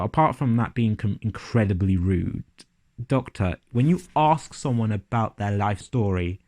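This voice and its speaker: A man's voice: mid-range voice, a little mellow, dry recording. A man giving a casual, sarcastic and profane review of a TV episode.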